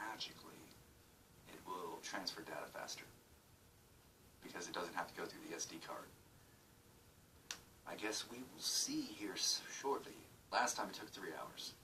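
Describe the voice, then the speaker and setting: This deep-voiced man vlogs casually at home into his phone's camera, a rambling video diary full of muttering, profanity and self-mockery. He speaks at a moderate pace with frequent pauses, his tone pushed and bright. He's far from the mic, and the low-quality recording has slight hiss or hum.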